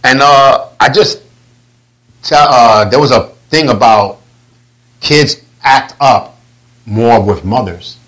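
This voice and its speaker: A man hosting a casual interview show, animated and acting out quotes in a loud voice. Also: medium pitch, takes it slowly, long pauses, rough recording. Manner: animated, acts out quotes loudly. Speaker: talk show host.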